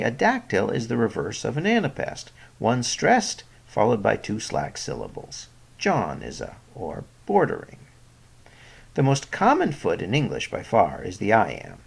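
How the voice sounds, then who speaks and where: A man narrating a scripted lesson on poetry, explaining terms clearly and stressing the example words. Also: medium pitch, wildly swooping pitch, moderate pace. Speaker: poetry teacher.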